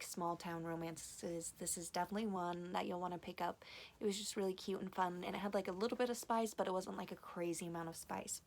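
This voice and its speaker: Gushing, swearing woman book vlogger. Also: medium pitch. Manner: excitable and gushing, frequent "like" fillers, swears freely. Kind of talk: casual vlog chat.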